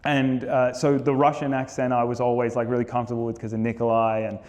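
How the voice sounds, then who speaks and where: A man's voice: medium pitch, little pitch movement, fast, a little mellow, big-room sound. A young Australian man, an actor, chatting animatedly as an interview guest, telling stories with laughs. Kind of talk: casual interview chat.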